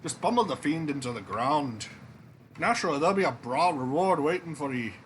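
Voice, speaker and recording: A man's voice: a little high, expressive, a little fast, slight background noise, natural voice. A man doing a blustering Scottish king. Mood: coaxing. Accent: put-on Scottish. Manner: theatrical, old-fashioned brogue. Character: blustering old king, a worried father.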